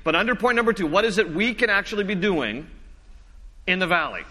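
Male pastor, sermon delivery, slow scripture readings, soft low emphasis, reverberant hall sound. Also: expressive. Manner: teaching, reads scripture slowly, drops low and soft for emphasis.

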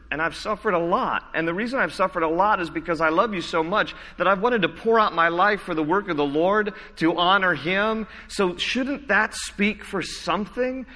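A man's voice: fairly high pitch, sharp tone, in a large hall. A man preaching an expository sermon, reading scripture and adding conversational, wry asides. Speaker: pastor.

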